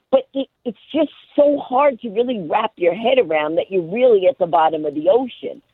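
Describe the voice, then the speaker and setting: Animated woman telling a story by phone. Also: mid-range voice, moderate pace, few pauses, breathy edge, dry recording. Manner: lively, acts out every character. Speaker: guest. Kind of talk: animated storytelling on a radio call-in. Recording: tinny phone line.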